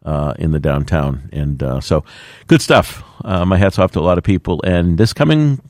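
A man's voice: low voice, moderate pace, darkish tone, no echo, studio quality. A middle-aged man, a mayor speaking in a plainspoken, folksy way with plenty of fillers. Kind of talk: radio interview talk.

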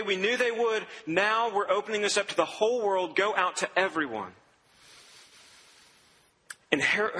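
A man preaches in a relaxed, conversational manner, now and then acting out the people in the story. His voice is high and strikingly bright. It rings out with a long reverb, as in a church sanctuary. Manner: conversational preaching, quotes scripture and acts out voices. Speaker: pastor. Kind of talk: sermon.

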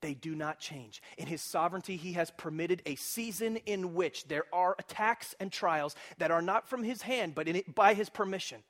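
A man preaching a sermon as pastor, animated and humorous, often putting questions to his congregation. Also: high-pitched, normal speed, hardly any pauses.

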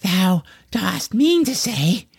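Casting: man doing a cheeky twelve-year-old boy for a storybook, high and lively, strained. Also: takes it slowly, creaky, breathy edge, dry recording, clean studio sound, full character voice. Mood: scolding.

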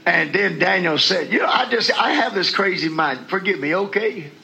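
Gravelly, high-pitched preacher. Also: male voice, animated, normal speed, poor audio. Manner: swings from quiet scripture reading to shouted praise; folksy, talks straight to the congregation. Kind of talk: sermon.

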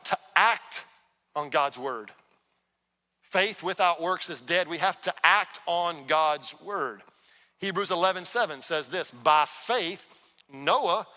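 A male pastor with a bright, forceful, slightly high voice, preaching in a conversational way. He acts out little exchanges as he goes. The sound carries a long reverb, as in a large church hall. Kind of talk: sermon. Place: church sanctuary.

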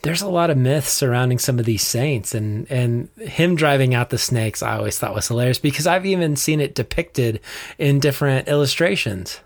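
A man's voice: mid-range voice, lively intonation, moderate pace. A man co-hosting a casual faith podcast, reading passages aloud and then talking with restarts. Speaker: podcast co-host.

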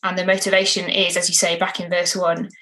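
A woman's voice: fairly low pitch, flat delivery, brisk, sharp tone, poor audio. A woman co-hosting a casual Bible study discussion, earnest and reflective, often ending points with tag questions. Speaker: co-host discussing a Bible passage.

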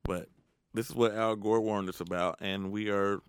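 A man's voice: lowish voice, fairly even intonation, moderate pace, clear, resonant tone, no echo, clean studio sound. A man co-hosting a podcast in casual, profane chat, joking animatedly and often mimicking the people he talks about. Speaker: podcast co-host.

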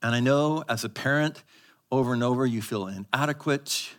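A male pastor with a mid-range voice preaches a live sermon to a church congregation. He teaches emphatically, has people repeat words back, and alternates quick asides with slow, stressed phrases.

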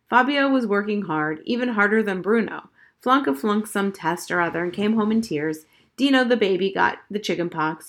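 A woman reads a children's novel aloud, telling it clearly and steadily. Her voice is of middle pitch and unhurried. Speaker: audiobook reader. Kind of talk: children's book narration.

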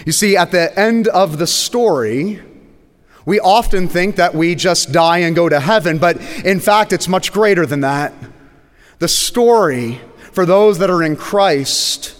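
Preacher with a fairly high voice in a reverberant hall. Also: male voice. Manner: dramatic preaching, slows and drops low on key words. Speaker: pastor. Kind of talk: sermon.

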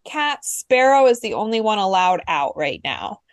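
A woman's voice: mid-range voice, big pitch swings, moderate pace, dry recording. A woman co-hosting a casual podcast chat, talking in an easy, chatty way. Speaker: podcast co-host.

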